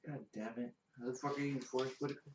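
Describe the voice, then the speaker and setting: A man's voice: medium pitch, fairly even intonation, quick pace. Brash slangy man in an echoey room. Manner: brash, heavy slang, cursing. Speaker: podcast co-host. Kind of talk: casual chat. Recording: roomy, distant, dull, faint hiss.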